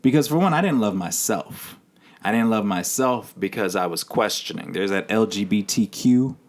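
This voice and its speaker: A man's voice: on the low side, animated, moderate pace. A man of thirty, a podcast host, telling his own story in a candid, rambling way with many fillers. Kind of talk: personal storytelling monologue.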